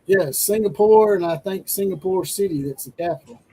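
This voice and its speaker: A man's voice: high voice, moderate pace, gravelly, dark tone, poor audio. A man co-hosting a live sports watch party stream, laid-back as he reads viewer comments aloud. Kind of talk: casual live-stream chat.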